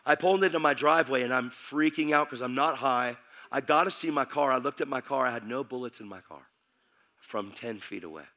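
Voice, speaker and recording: Man telling his testimony from the pulpit, bright and forceful, real urgent. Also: mid-range voice, a little fast. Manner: urgent, vivid storytelling. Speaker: preacher giving testimony. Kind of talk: sermon testimony.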